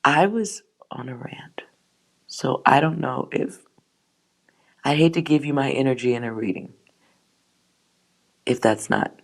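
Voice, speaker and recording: A woman hosting a tarot livestream, chatting with viewers in brash, profane, joking rants. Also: low-pitched. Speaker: tarot reader and livestream host. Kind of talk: casual livestream chat with viewers.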